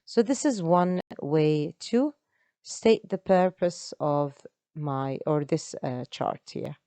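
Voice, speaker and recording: A woman's voice: low voice, slow, dark tone, no room sound. A woman, an English teacher explaining step by step in an online lesson. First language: Arabic.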